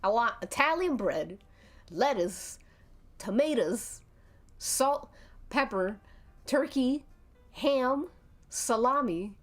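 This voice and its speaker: A bossy, fidgety brute of a man barks out demands and curses, as a woman puts him on. The delivery is slow and unhurried but swings widely in pitch. Soft stream music plays faintly underneath. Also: expressive. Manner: foul-mouthed and demanding. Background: faint background music.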